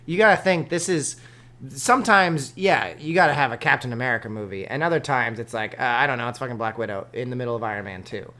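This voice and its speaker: A man's voice: mid-range voice, fast talker, bright, forceful tone. A man co-hosting a podcast, trading teasing jokes in casual chat. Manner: joking, teasing banter. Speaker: podcast co-host.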